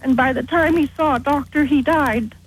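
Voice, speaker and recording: A woman from Canada calling in to a radio show, telling her story in a halting, hesitant way. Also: high-pitched, a little hiss or hum, low-quality recording. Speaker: caller. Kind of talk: phone-in chat.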